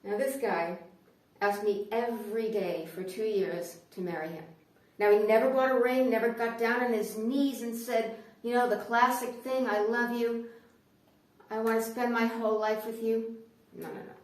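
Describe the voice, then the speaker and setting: A woman performing a sarcastic stand-up comedy monologue, swinging from hushed asides to loud outbursts. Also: fairly high pitch, steady tone, normal speed, very echoey, far from the mic.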